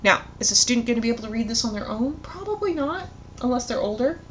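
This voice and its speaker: A woman's voice: fairly high pitch, expressive, a bit bright, a little hiss or hum. Encouraging woman tutor modeling words. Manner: encouraging, asks questions and models words slowly. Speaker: literacy tutor. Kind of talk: instructional tutorial.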